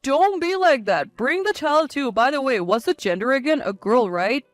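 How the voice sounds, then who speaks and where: A woman's voice: high voice, lively intonation, moderate pace. A woman voicing a man, a blunt, arrogant company president who turns to whiny pleading, in a storybook reading.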